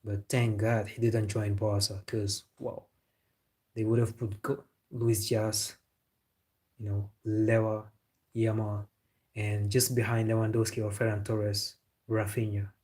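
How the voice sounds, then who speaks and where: A man talks football on a live stream, reacting to viewers' comments and giving firm opinions. His voice sits low and he keeps an even, flat tone, with some slightly non-native phrasing in his casual talk. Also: measured pace, breathy edge. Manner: opinionated, replying to chat.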